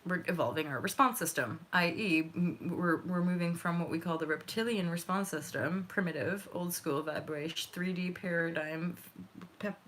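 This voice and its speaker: Young canadian-born woman doing a loose tarot livestream, bit low voice, curses a lot, faint noise behind. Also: normal speed, few pauses, fairly bright tone. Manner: rambling, swears and laughs often. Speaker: intuitive tarot reader. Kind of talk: casual livestream reading and chat.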